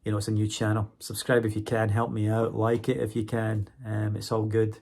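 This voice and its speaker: Husky man chatting to camera. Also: on the low side, completely flat delivery, a little fast, a little mellow. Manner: chatty, keeps checking in with "okay?" and "right?". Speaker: vlogger and English teacher. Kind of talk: casual vlog monologue.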